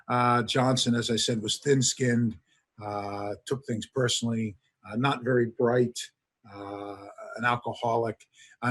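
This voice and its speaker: A husky-voiced man at a middle pitch, speaking as a history professor. He lectures with eager storytelling and leans on frequent "uh"s between his points. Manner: enthusiastic storyteller, many filler "uh"s. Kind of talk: lecture to an audience.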